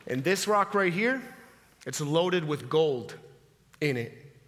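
A man voicing a middle-aged father who addresses his daughters deliberately. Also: fairly high pitch, animated, a bit bright, long reverb tail, voice pushed down. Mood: solemn. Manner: teasing, then grave and deliberate. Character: middle-aged father, jovial then solemn and wise.

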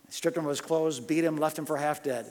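A man preaching a sermon, swinging between loud, urgent questions and hushed, personal storytelling. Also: fairly high pitch, fairly even intonation, fast talker. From United States. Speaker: pastor. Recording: long hall reverb.

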